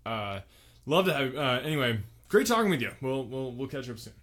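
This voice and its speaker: A man's voice: medium pitch, sing-song, a little fast, a bit bright. A man hosting a comedy podcast sketch, boastful and self-satisfied, rambling with lots of filler words. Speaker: podcast host.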